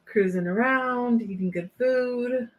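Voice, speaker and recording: A woman's voice: a little high, takes it slowly, lo-fi sound, a little hiss or hum. A woman co-hosting a live podcast, chatting in light, teasing banter. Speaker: podcast co-host. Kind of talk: casual live podcast chat.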